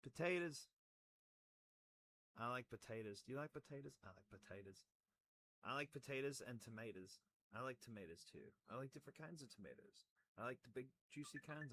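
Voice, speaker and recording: A man's voice: mid-range voice, fairly bright tone, slight background noise. A man talking casually to the camera while he crafts, rambling and joking at his own expense. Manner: rambling, self-mocking, plays with words. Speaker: hobby crafter making model trees.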